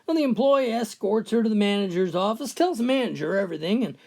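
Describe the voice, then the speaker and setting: Folksy gravelly joke teller, man. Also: high voice, lively intonation, quick pace, a little mellow. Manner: folksy, starting with "well". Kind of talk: storytelling jokes.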